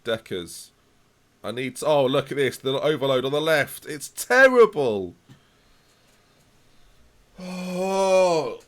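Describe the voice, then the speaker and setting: A young man commentating live on his football management game, reacting loudly to the match and chatting to viewers. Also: medium pitch, moderate pace.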